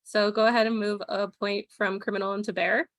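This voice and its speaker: A woman's voice: medium pitch, level tone, fairly quick, fairly bright tone, no room sound. A woman narrating as game master of a tabletop game, giggly and rambling, with many fillers.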